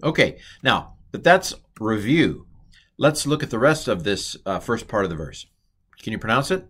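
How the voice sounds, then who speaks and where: Low-voiced man teaching a lesson. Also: moderate pace, a bit bright. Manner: rambling, self-correcting, quizzes listener with questions. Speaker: Hebrew teacher. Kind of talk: recorded lesson.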